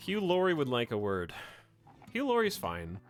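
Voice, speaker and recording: A man chats casually on a stream, rambling and opinionated, stopping and restarting his thoughts. His pitch moves about in a lively way. Faint guitar music plays behind him. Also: normal speed.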